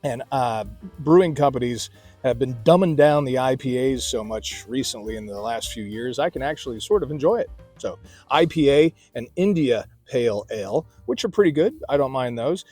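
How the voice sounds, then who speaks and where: A man's voice: mid-range voice, animated, normal speed, a little mellow, soft background music. A middle-aged man hosting a casual beer review outdoors at night, talking in a chatty, folksy way with rambling asides. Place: outdoor beer garden at night under a spotlight.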